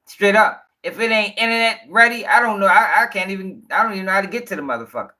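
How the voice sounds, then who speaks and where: High-voiced man ranting at his chat. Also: fast talker, pushed and bright. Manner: blunt, profane, ranting at chat; addresses viewers directly. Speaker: commentary show host. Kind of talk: livestream commentary.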